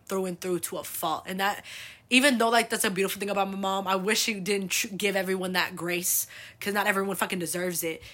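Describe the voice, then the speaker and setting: Bright-voiced young woman telling stories. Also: mid-range voice. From United States. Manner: chatty, swears freely, lots of fillers. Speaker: host. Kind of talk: casual storytelling monologue.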